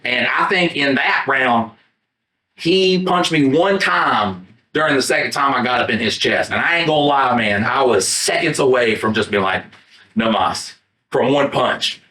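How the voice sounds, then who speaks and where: In a casual podcast chat, the co-host spins a rambling, profane story and performs his own lines with animation. His voice is mid-range, bright and forceful, at a normal speed. A distant mic picks him up from across an echoey room instead of the podcast mics.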